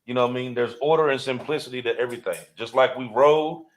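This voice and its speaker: A man's voice: medium pitch, quick pace. Man, motorcycle club member, podcast co-host; laid-back, explains patiently. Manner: laid-back, explaining with repeated "you know what I mean". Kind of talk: casual podcast chat.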